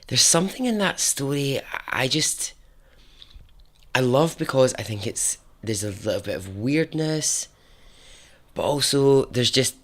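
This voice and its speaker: A man's voice: medium pitch, fairly bright tone. A man hosting a podcast, telling a story casually with chatty, laughing asides and rambling tangents.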